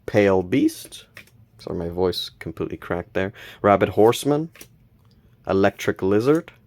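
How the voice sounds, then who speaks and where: Male host, low voice, relaxed unboxing chatter, counts and names each card. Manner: relaxed, reads card names aloud, counts cards, mild self-corrections. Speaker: channel host opening card packs. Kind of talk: casual unboxing commentary.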